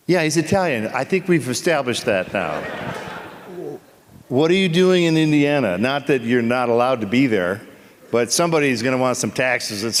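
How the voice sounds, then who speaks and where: An actor on a convention panel, a man joking and teasing audience members in playful, quick asides. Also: mid-range voice, slight background noise. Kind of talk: comedic Q&A banter with the audience. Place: convention hall. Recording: echoey convention hall.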